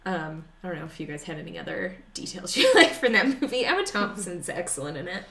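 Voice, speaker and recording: A woman's voice: fairly low pitch, animated, quick pace, gravelly, crowd noise. Woman guest in an echoey room. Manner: hesitant, many fillers, laughs often. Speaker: podcast guest. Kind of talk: casual chat. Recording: roomy echo.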